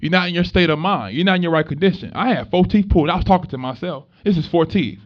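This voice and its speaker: A young man, a minister and activist, talking to an audience in an animated way and acting out voices as he tells stories. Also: on the high side, quick pace. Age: young adult. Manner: animated storytelling, acts out voices in dialogue. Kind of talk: conversational talk to an audience. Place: event space at a market. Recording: dull lo-fi recording.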